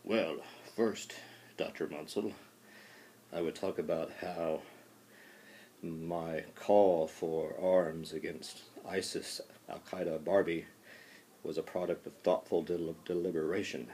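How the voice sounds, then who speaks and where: A man's voice: deep voice, steady tone, dark tone, a little hiss or hum. A man doing a mock-solemn President Washington. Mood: mock-grave. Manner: mock-solemn, playful, halting. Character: George Washington doll voiced comically by a male professor.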